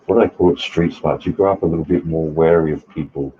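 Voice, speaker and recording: A man's voice: rumbling low, quick pace, muffled recording, a little hiss or hum. A man, chatting casually and rambling with hesitant fillers. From Australia. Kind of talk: casual chat.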